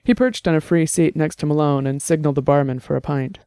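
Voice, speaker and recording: A man reading a novel aloud in steady, scripted audiobook narration. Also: fairly high pitch, fast talker, clean tone, no echo.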